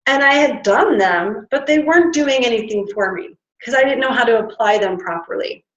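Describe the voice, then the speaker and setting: A woman's voice: fairly high pitch, normal speed, a bit bright, reverberant, highs cut off. A woman giving a chatty motivational talk to a live audience, demonstrating breathing with sighs. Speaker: wellness workshop presenter. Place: standing before an audience in a room.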